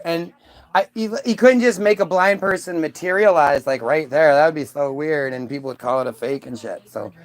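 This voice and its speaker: Smug bragging Jesus, high voice, offhand; a man plays it in a comedy rant. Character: smug, boastful male Jesus figure.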